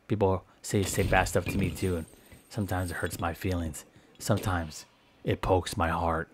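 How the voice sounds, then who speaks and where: Male gamer with a lowish voice, goofy in-character commentary, mock-boastful, hams up his pain with big groans. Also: steady tone, normal speed, noisy background. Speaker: gameplay commentator.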